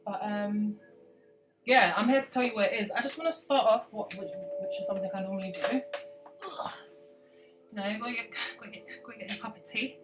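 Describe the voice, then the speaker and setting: A woman's voice: mid-range voice, fairly quick, over music, poor audio. A woman hosting a live stream as a plant grower. She chats casually and rambles through many asides.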